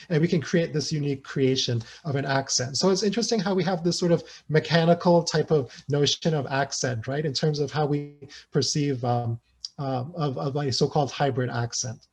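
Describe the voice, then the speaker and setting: A man gives an academic talk over a video call. His voice sits a little high, and he keeps checking in with his listeners with "right?" and "you know" as he goes. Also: a little mellow. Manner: reads interview excerpts aloud. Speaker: academic speaker.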